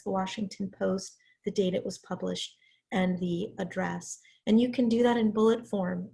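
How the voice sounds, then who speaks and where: A middle-aged woman, hoarse and raspy from illness, giving a college writing lecture over a video call. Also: medium pitch, a little mellow. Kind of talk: online class lecture. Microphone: computer mic on a video call.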